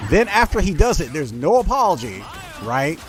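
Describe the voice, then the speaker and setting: A man's voice: fairly high pitch, sing-song, moderate pace. A man hosting his gaming channel, ranting with indignation about teammates and mocking them in quoted voices. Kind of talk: ranting gameplay commentary. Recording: music playing behind voice.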